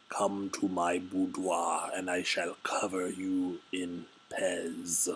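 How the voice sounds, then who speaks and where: Brief: slow, theatrical lamprey monster, male, deep gravelly tone, played by a man. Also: fairly bright tone, a little hiss or hum, heavily acted, poor audio.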